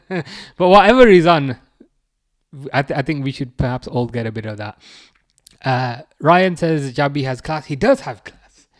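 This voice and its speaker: A man's voice: on the high side, expressive, unhurried, long pauses, dry recording, studio quality. A young man hosting a football watch-along livestream, rambling and mocking as he reads out viewer comments. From England. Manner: rambling, chatty and mocking, with many fillers and restarts. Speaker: livestream host. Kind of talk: casual live-stream chat, reading viewer comments.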